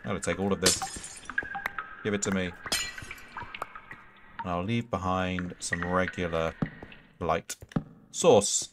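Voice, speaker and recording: A man's voice: low-pitched, fairly even intonation, slow, long pauses, loud music behind the voice. A man streaming a game live, chatting casually and rambling through answers to viewer questions. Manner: casual, swears freely. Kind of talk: live gameplay commentary and chat.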